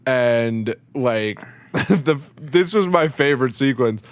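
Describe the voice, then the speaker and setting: A man's voice: medium pitch, animated, slow pace, clean tone, dry recording. A man co-hosting a podcast in casual chat, talking enthusiastically and laughing often. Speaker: podcast co-host.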